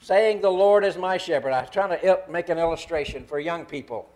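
A man preaching a sermon, stressing key words slowly. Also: a little high, darkish tone.

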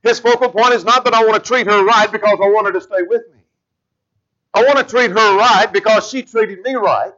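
A man delivers a sermon in a steady, teaching manner, leaning on each verse as he goes. His voice sits high and sounds bright and forward. The recording is somewhat muffled and lo-fi. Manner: measured teaching, slowing to stress scripture verses. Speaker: preacher.

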